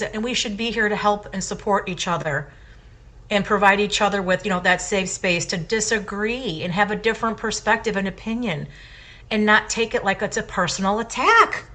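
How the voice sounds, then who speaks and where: A woman's voice: mid-range voice, fairly even intonation, normal speed, sharp tone. A middle-aged woman co-hosting a podcast in casual chat, giving her opinions in an impassioned, emphatic way. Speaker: podcast co-host.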